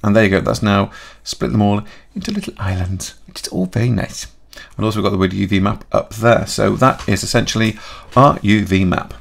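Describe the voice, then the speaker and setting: Man, low voice, gravelly, chatty software tutorial, keyboard typing behind. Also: brisk, few pauses. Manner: chatty, thinking aloud, self-correcting. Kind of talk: screen-recorded software tutorial.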